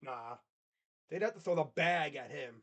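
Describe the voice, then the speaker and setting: A man doing casual live play-by-play on a reaction stream, chatting with viewers between calls. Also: moderate pace. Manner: casual, chatty, reads and answers live chat; excited play calls mixed with low asides. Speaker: sports streamer.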